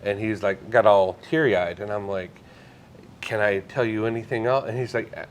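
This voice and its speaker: A man with a somewhat low voice talks through his experiences as a medium in an easygoing podcast chat. He tells his stories earnestly and lets the emotion show. A faint hiss sits under the recording. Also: steady tone, moderate pace. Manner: storytelling, earnest, gets emotional. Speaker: psychic medium guest. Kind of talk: relaxed podcast conversation.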